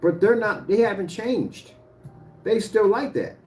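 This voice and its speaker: Man, lively swinging pitch, confrontational rambling direct-to-camera rant. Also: unhurried, faint music behind. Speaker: YouTuber addressing a rival.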